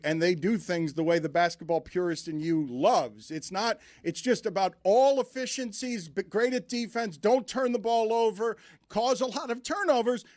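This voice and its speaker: A male sports talk host with a higher voice asks long, winding, leading questions. The studio mic sounds close and dry, with no room around it. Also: a little mellow, no echo. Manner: wordy, rhetorical questions to guest.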